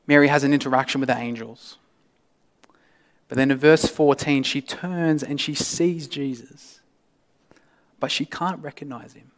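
A male pastor delivering a sermon, swinging from loud emphasis to hushed, near-whispered lines. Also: medium pitch. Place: church. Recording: long reverb of a church hall.

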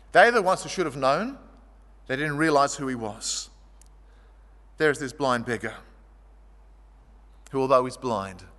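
A man preaching a sermon, telling stories vividly and swinging between loud, animated passages and quiet, low ones. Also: big-room sound. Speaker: pastor.

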